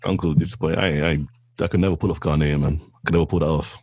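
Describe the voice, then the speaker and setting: A young man, chatting casually with a friend, animated and teasing, laughing often. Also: very deep voice, quick pace, husky, dry recording. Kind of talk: casual chat.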